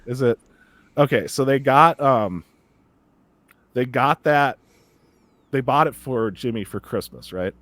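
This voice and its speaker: A man co-hosting a podcast, rambling excitedly in casual chat and laughing often as he talks. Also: medium pitch, slow pace, pauses often, no room sound. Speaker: podcast co-host.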